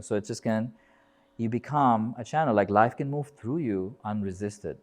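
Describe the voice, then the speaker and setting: Speaking at normal speed in a slightly mellow, mid-range voice, this yoga teacher delivers a live motivational talk indoors at a yoga festival. His style is emphatic, with rhythmic lists and casual swearing.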